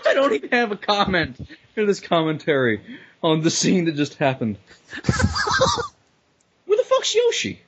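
A man's voice: on the high side, moderate pace, long pauses, dull audio, background noise. A man casually commenting on a movie while it plays, laughing often and swearing as he reacts. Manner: laughs often, profane, excitable.

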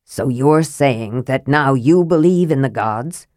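A woman voicing a stubborn, gruff old male dwarf who grumbles testily. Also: very deep voice, expressive, slow, a little mellow, no room sound, clean studio sound, voice pushed down, heavily acted. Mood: testy.

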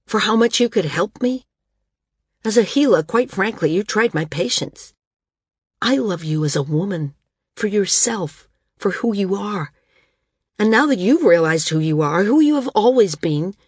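Female narrator doing a calm male healer for an audiobook, husky tone, dry close sound. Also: mid-range voice, normal speed, no echo. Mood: earnest, firm. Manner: firm, calm and earnest. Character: gentle, steady male healer, young adult.

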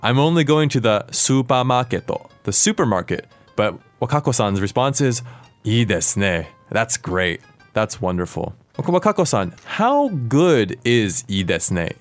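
A man hosting a podcast language lesson, explaining words clearly and asking his co-host questions. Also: medium pitch, big pitch swings, normal speed, faint music behind.

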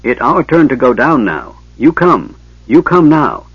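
A man's voice: medium pitch, very animated, measured pace, fairly bright tone, slightly rough, dry recording, voice pushed up, exaggerated voice. A man voicing a small, simple-minded female gully dwarf who talks in broken, eager baby-talk. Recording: dull lo-fi tape, dry.

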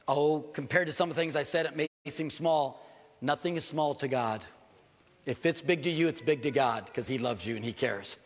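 A man's voice: fairly high pitch, moderate pace. An older man preaching a sermon as pastor in church, earnest and emphatic, repeating key phrases. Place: church sanctuary. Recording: long hall reverb.

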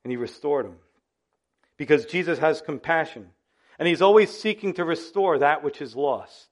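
A male pastor preaching a sermon in an animated, conversational way, often speaking straight to his listeners. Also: fairly high pitch, normal speed.

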